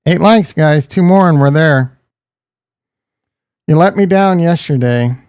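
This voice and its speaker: Bantering livestream guy, higher voice, dry sound. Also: unhurried, a little mellow, clean tone, no echo. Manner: loose, joking, talks to the chat, calls viewers bro and dude. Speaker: crypto livestream host. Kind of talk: casual livestream rant.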